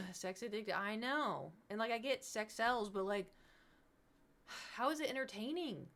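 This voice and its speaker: A young woman chatting casually with viewers on a livestream, rambling and animated, slipping into mocking impressions. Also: on the high side, measured pace. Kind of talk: casual stream chat with viewers.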